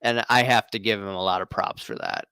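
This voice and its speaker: A man's voice: on the low side, big pitch swings, brisk, vocal fry, sharp tone, clean tone, no room sound. A man hosting a casual live stream, chatting and reading out viewer comments in a rambling way.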